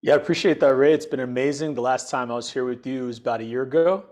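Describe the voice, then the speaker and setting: A man's voice: mid-range voice, steady tone, fast, darkish tone. A man with an ordinary mid-range voice talks as an interview guest. He is enthusiastic and upbeat, explaining his ideas through everyday comparisons. He sounds like he is on a remote call. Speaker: podcast guest, financial educator.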